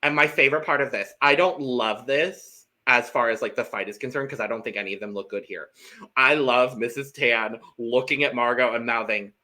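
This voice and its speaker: A man's voice: mid-range voice, fairly quick. A man co-hosting a podcast, recapping a reality show in casual chat and acting out the contestants' lines. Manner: animated, acts out quotes from the show. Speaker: podcast co-host.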